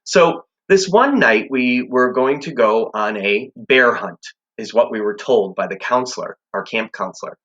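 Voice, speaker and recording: A man's voice: medium pitch, lively intonation, unhurried, fairly bright tone, highs cut off. A man teaching a class, telling a suspenseful personal story in a conversational way.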